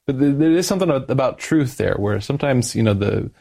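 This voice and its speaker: A male interviewer talking in a thoughtful, halting way with many restarts. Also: mid-range voice, animated, gravelly, mellow. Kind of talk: conversational interview.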